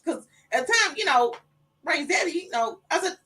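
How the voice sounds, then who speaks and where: A middle-aged woman with a Kentucky accent, a guest on a live studio interview, telling a story and acting out the voices of the people in it, dropping low and soft for the tender parts. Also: moderate pace, recorded from a distance. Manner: animated, acts out quoted voices, soft and low for tender moments. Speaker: guest, mother of the late artist.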